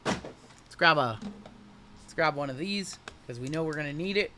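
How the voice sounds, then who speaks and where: Young dude hosting a card break, high bright voice, jokey hype talk, faint background hum. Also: male voice, expressive. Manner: hyped, jokey, rapid running banter. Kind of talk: live-stream card break commentary.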